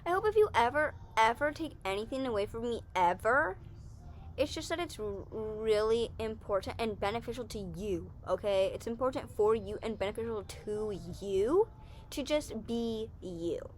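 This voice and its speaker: A woman's voice: a little high, normal speed, slight background noise. A young woman casually chatting in a Q&A vlog, rambling and self-correcting as she talks. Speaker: vlogger.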